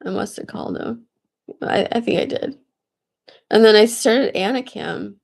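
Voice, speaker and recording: A woman's voice: medium pitch, expressive, moderate pace, creaky, darkish tone, husky. A woman telling a long personal story in a loose, rambling way, often laughing, restarting and filling with "like". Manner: laughs often, trails off and restarts, says "like" a lot. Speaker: vlogger.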